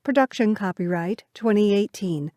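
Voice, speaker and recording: A woman narrating an audiobook in a gentle, measured storytelling manner. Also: medium pitch, no echo. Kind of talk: scripted narration.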